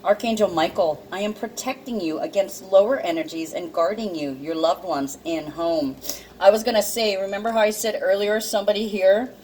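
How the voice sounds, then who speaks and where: A woman's voice: mid-range voice, normal speed, darkish tone, slight background noise, poor audio. A woman giving a casual tarot card reading to her viewers, emotional and teary, laughing often and swearing freely. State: teary and sniffling. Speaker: intuitive card reader.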